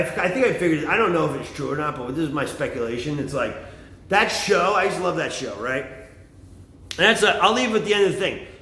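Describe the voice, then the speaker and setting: A middle-aged man rambling in a profane, excitable vlog monologue, jumping from topic to topic. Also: on the high side, roomy sound. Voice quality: extroverted and excitable. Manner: animated, swearing, jumps between topics. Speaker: vlogger.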